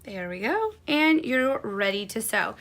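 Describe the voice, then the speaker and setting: Gravelly-voiced woman teaching quilting. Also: fairly high pitch, very animated, measured pace, a bit bright. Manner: chatty and encouraging, talking while working with her hands. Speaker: quilting instructor. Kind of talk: hands-on sewing tutorial.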